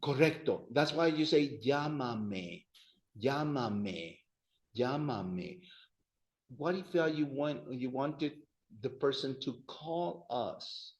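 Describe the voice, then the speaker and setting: A man's voice: a little high, fairly even intonation, measured pace, reverberant, poor audio. A man teaching a language class, patiently repeating phrases for his students to drill. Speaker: Spanish teacher.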